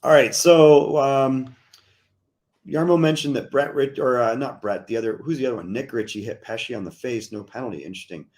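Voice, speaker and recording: Relaxed chatty man hosting hockey talk. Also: medium pitch, a little fast. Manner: relaxed, chatty, reads out chat comments. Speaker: hockey show host reading viewer comments. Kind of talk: casual sports talk.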